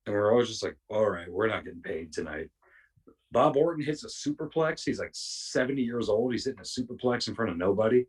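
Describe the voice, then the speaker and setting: Husky low-voiced man telling stories. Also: far from the mic. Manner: rambling, profane anecdotes with many restarts. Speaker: podcast guest. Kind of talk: casual storytelling.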